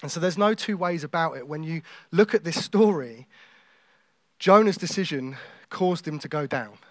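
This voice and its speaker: A man preaching a sermon in a conversational, joking way, with quiet intense stretches when reading scripture. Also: fairly high pitch, expressive, moderate pace, no echo.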